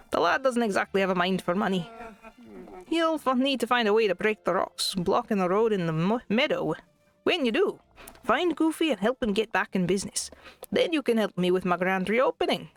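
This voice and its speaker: A woman's voice: medium pitch, lively intonation, a little fast, soft background music, lightly acted. A woman voicing a miserly old male Scottish duck tycoon, reading game dialogue aloud in an attempted brogue. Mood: pompous.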